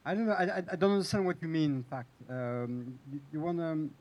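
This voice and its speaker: Male screenwriter, panel guest, slightly high voice, stumbling and restarting as he talks. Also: animated, a little mellow, poor audio. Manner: halting, many restarts and fillers. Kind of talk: hesitant panel talk.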